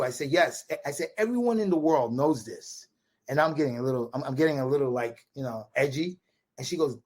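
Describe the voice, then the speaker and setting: A man from Brooklyn with a husky, slightly breathy voice, talking in a New York accent. His voice sits at an ordinary middle pitch, and he tells his story animatedly, restarting phrases and acting out both sides of a conversation. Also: brisk. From Brooklyn, USA. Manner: animated, repetitive restarts, quotes dialogue with "right?" tags. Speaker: podcast guest. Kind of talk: casual storytelling.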